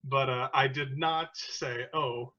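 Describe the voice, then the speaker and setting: A man's voice: medium pitch, steady tone, normal speed, pushed and bright. A man hosting a podcast in casual chat, joking and self-deprecating, with many ums. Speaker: podcast host. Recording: dull lo-fi sound.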